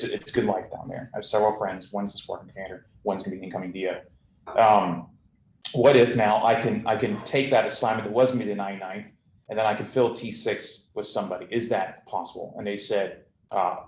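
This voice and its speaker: A man commanding a squadron speaks to his officers in a blunt, conversational way, peppering his account with military shorthand and easy fillers. His voice sits low, and the room around him rings with a noticeable echo over a faint hum of ambience. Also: steady tone, fairly quick, darkish tone. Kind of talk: candid briefing to his officers.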